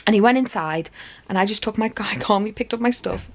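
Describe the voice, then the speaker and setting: A woman's voice: medium pitch, brisk. A woman, telling a story to camera in a chatty vlog, laughing often as she goes. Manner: chatty, animated retelling with frequent laughs. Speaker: vlogger.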